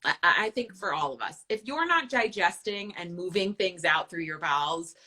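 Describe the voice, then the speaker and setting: A woman's voice: fairly low pitch, lively intonation, normal speed, bright, forceful tone. A woman nutritionist hosting a casual chat, candid and chatty, often checking in with "right?". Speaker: nutritionist and host.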